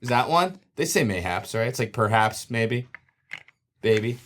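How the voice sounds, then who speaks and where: Brief: lively male co-host from Jersey, bouncy pitch, quick to laugh. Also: a little hiss or hum. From New Jersey. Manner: lively, jokey, laughs a lot. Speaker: podcast co-host. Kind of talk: casual comedic chat.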